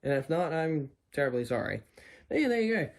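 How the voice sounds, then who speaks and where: A woman's voice: sits low, brisk. A young woman with an Australian accent, chatting casually and jokingly as she shows off her plush collection in a vlog. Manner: chatty, animated, jokey and self-deprecating. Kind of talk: casual show-and-tell vlog.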